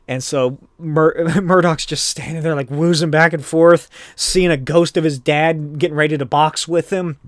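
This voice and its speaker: Male podcast host, swearing, animated comic recap, slightly high voice. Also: normal speed, few pauses, no echo, clean studio sound. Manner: loose, profane and animated storytelling. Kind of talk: casual comic book recap.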